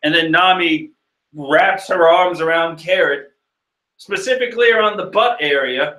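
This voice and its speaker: A man's voice: on the high side, expressive, normal speed, sharp tone. A man casually reading through a manga chapter and rambling with joking asides. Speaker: manga reader host. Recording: echoey room.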